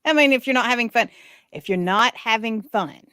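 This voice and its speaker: A woman with a Southern accent, a guest in a casual interview, talking in a lively, joking way and laughing often. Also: a little high, a little fast, smooth, no echo, studio quality.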